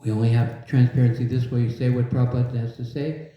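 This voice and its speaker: Medium-pitched and quick-paced, an older devotional speaker entertains a live audience in a large hall. He spins humorous stories and leads call-and-response with lively flair, though the recording sounds very echoey and dull.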